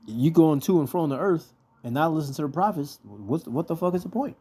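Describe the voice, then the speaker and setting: A man's voice: fairly high pitch, lively intonation, brisk, warm tone, husky. Blunt, profane male Bible teacher. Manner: blunt, swearing, rhetorical questions, reads verses aloud. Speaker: preacher teaching scripture.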